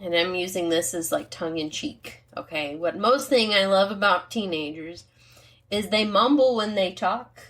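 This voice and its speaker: Middle-aged woman cohost, kinda low voice, rambly chatty, laughs at her own bits. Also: normal speed, a bit bright. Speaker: podcast co-host. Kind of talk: casual chat over wine.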